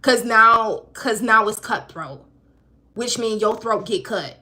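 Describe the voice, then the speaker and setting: A woman's voice: a little high, takes it slowly, bright, forceful tone, slight background noise. A woman giving a live-streamed spiritual reading, talking in an emphatic, profane, conversational way. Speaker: intuitive card reader.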